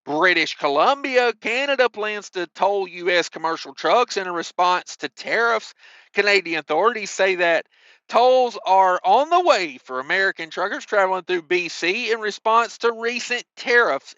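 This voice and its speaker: High, crisp-voiced wisecracking news host. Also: male voice, lively intonation, normal speed, sharp tone, no room sound, dull audio. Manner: wisecracking, mild cussing asides. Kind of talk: reading news with joking commentary.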